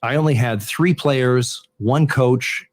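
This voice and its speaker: An older man, a retired umpire, tells stories in an interview, halting and repeating words, with frequent chuckles. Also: mid-range voice. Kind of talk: conversational interview storytelling.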